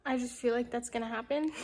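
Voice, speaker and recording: Fairly high-pitched and a little mellow, this woman's voice keeps a steady tone and moderate pace, with a little hiss or hum in the audio. She is a young vlogger, heavily pregnant, filming a casual video diary on her phone at home and then at a hospital, speaking bluntly, swearing, and crying through labor pain.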